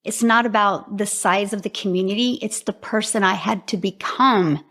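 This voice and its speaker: An upbeat middle-aged woman with a medium-pitched voice. She talks with eager emphasis and laughs often, moving from chatty interview answers to a direct sales pitch. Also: steady tone, normal speed, fairly bright tone. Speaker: program founder and presenter.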